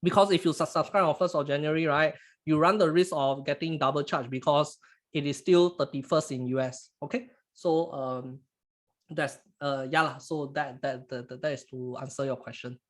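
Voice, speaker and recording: A man with a Singaporean English accent hosting a casual live trading webinar, halting and repeating words, chatty with "lah" at phrase ends. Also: fairly high pitch, steady tone. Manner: chuckles while talking, snacking between lines.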